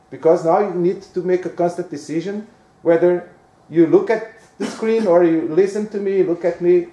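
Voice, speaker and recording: A Portuguese man whose first language is Portuguese gives a lively, conversational lecture on giving presentations, often checking in by asking the room "right?". His voice is fairly high, and a distant mic picks him up from across an echoey lecture room.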